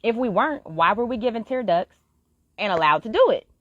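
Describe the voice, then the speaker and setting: A woman speaks frankly in a candid live-stream monologue, cursing freely and pressing her point with heartfelt encouragement. Her pitch swings widely from line to line. The sound is dull and lo-fi, with a dry, close feel. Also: lively intonation, brisk, a bit bright, dry recording. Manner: blunt, frank, swears freely.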